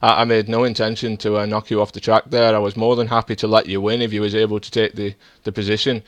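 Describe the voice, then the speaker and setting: Man, racing streamer, defensive, lecturing, quick talker. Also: lowish voice, flat delivery, dry recording. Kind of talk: heated in-game voice chat argument.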